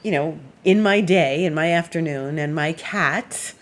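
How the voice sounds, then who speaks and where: A woman's voice: low-pitched, unhurried. A woman astrologer giving a casual weekly forecast, chatty and meandering, who laughs while telling stories.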